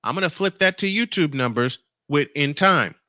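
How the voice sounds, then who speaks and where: A man's voice: fairly high pitch, expressive, normal speed, pushed and bright, dry recording, studio quality. Fired-up male show host on a rant. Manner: confrontational, addresses a critic directly and reads comments aloud; emphatic, repeats phrases for effect. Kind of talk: angry on-air rant.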